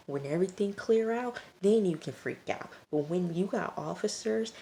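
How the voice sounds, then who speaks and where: A woman's voice: on the low side, expressive, normal speed, gravelly, warm tone, a little hiss or hum. A woman chatting straight to her viewers as she recaps a TV episode, scolding the characters as she goes. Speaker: TV episode reviewer. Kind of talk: casual episode recap to camera. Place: at home late at night.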